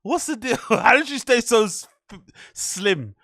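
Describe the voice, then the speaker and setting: A man hosting a podcast, rambling in mocking, profane, animated commentary. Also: very high voice, measured pace, no room sound, clean studio sound. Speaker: podcast host.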